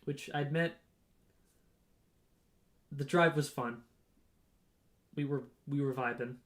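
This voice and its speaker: A man's voice: medium pitch, slow pace. A young man casually telling a rambling story about a race, with frequent "right?" and "um" asides. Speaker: runner on a race team.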